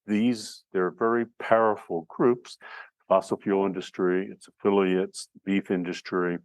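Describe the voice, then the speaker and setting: A man's voice: sits low, flat delivery, a little slow, dry recording. A man from the United States giving a recorded class lecture, thinking aloud with fillers and restarts. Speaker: instructor.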